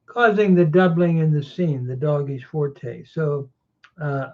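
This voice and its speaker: A man delivers a scholarly Bible lesson at an unhurried pace, reading ancient verses word by word before explaining them. His voice sits high for a man. The recording sounds muffled and lo-fi. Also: steady tone, warm tone. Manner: deliberate, reads Hebrew slowly then explains. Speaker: Bible teacher. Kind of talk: slow scholarly lecture.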